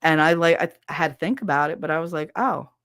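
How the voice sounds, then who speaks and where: A woman's voice: sits low, little pitch movement, fast talker, fairly bright tone, clean tone, no echo, studio quality. A woman hosting a podcast in a casual chat, frank and profane, reading viewer comments and laughing often. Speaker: podcast host.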